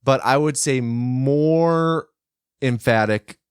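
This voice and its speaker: A man's voice: medium pitch, takes it slowly, clear, resonant tone, no room sound, studio quality. A man co-hosting a casual film podcast, laughing often and drawing out his asides. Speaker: podcast co-host.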